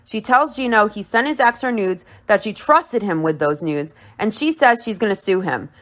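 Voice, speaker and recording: A woman's voice: medium pitch, animated, normal speed, a bit bright. A woman hosting a podcast, recapping and commenting on a reality show in a blunt, opinionated way and swearing freely. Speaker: podcast host.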